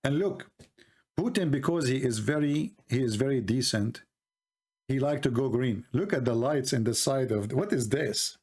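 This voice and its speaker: A man's voice: medium pitch, moderate pace, darkish tone, husky. A man from the Middle East with an Arabic accent, talking in a mocking, ironic monologue full of rambling asides. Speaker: online commentator. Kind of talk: sarcastic monologue.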